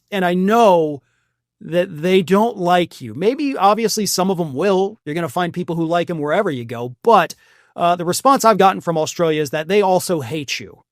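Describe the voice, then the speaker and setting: A man's voice: sits high, no echo, clean studio sound. A man hosting a political commentary show, talking in a scornful, heated and mocking way. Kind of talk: opinionated news commentary.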